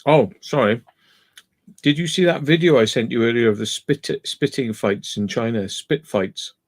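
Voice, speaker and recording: A man, telling a story in a casual chat as a guest calling in, animated and swearing freely. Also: medium pitch, normal speed. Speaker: guest on call.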